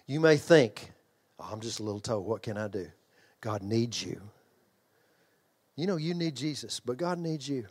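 A middle-aged man preaching a sermon in a church, with an altar call and an animated story told with yells and laughter. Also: medium pitch. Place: church hall.

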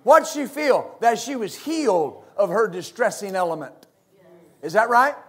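A middle-aged pastor from West Texas, preaching a fervent sermon full of amens and hallelujahs. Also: male voice, high voice, lively intonation, measured pace, fairly bright tone, husky.

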